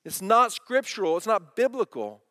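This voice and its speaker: A man's voice: sits high, big pitch swings, normal speed, pushed and bright, no echo, studio quality. A middle-aged man preaching a sermon, earnest and direct, often asking the congregation questions. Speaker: pastor.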